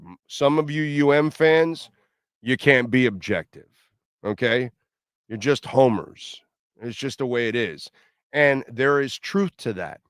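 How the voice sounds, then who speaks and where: A man's voice: medium pitch, dry recording, studio quality. A middle-aged man hosting a sports talk radio show, ranting bluntly and lecturing listeners.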